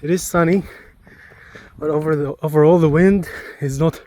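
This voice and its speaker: A man's voice: fairly high pitch, fairly even intonation, normal speed, a little mellow. A man vlogging as he walks outdoors at ancient ruins, thinking aloud with a joking, self-mocking manner. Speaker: travel vlogger. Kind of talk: casual walk-and-talk narration.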